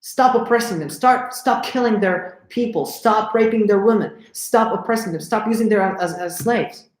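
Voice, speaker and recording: A man's voice: high-pitched, normal speed, roomy sound, lightly acted. A man voicing a righteous male prophet who pleads earnestly and firmly with a tyrant, in a retold story. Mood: pleading. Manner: earnest, firm, repetitive pleading.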